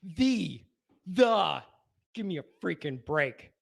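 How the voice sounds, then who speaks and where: A man hosting a sports call-in show, ranting and shouting in bursts, worked up and sweating. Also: sits high, sing-song, slow, vocal fry, breathy edge. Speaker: sports radio host. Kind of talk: fired-up call-in rant.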